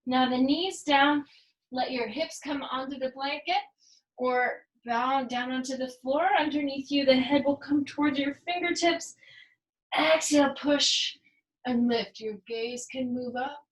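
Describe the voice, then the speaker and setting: High-voiced woman calmly cueing a workout. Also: measured pace, reverberant, poor audio. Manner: calm cueing, counts down reps, slips in Spanish phrases. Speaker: yoga and fitness instructor. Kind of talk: guided workout instruction with counting.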